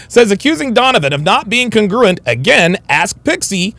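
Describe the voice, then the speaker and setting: A man's voice: sits high, sing-song, measured pace, vocal fry, sharp tone, no room sound. A man hosting a livestream, reading super chats and ranting bluntly with heavy swearing. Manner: blunt, combative, swears heavily. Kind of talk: profane livestream rant.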